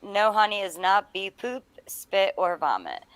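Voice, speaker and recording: A woman's voice: mid-range voice, sing-song, measured pace, fairly bright tone, clear, resonant tone, no room sound. A woman appearing as a guest musician, chatting bluntly and reacting with squeamish disgust. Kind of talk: casual live-stream chat.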